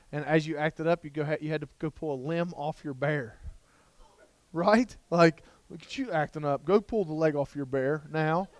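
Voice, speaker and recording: Animated storytelling man, crisp clear voice. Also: fairly high pitch, no room sound. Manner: down-to-earth, animated, jokey. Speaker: child development speaker. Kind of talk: storytelling keynote talk. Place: lecture room before an audience.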